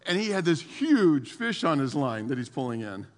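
A man preaching a sermon to his church, animated, laughing often and repeating his words. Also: fairly high pitch, normal speed, big-room sound. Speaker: pastor.

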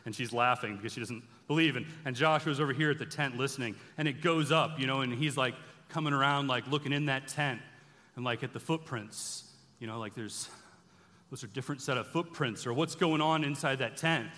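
Bright-voiced man preaching in a reverberant hall. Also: medium pitch, brisk. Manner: animated storytelling, acting out the characters' quoted lines. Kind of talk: sermon-style bible teaching. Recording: long reverb from a large hall.

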